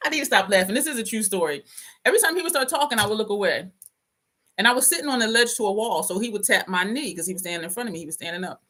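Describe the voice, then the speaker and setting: A woman's voice: mid-range voice, expressive, racing, fairly bright tone. A woman in her fifties, host of a casual livestream, telling a story to viewers, often laughing and reading out comments. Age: 50s.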